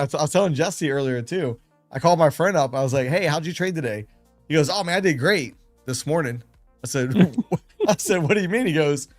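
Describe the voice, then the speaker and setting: Guy hosting a trading stream, slightly high voice, rambly and animated, faint music behind. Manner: rambling, animated, self-deprecating. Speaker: live trading stream host. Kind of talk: casual livestream chat.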